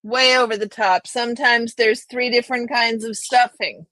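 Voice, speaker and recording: A woman's voice: on the high side, fairly even intonation, moderate pace, bright, forceful tone, no echo. A woman hosting a casual live stream, chatting with viewers and reading their names aloud. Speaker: livestream host.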